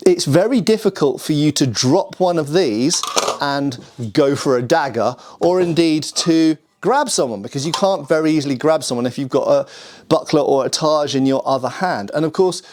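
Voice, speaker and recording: Speaking chattily to camera, this UK host of a sword history channel muses aloud and puts questions to his viewers. His voice is fairly high and darkish, at normal speed, with a little hiss or hum in the recording.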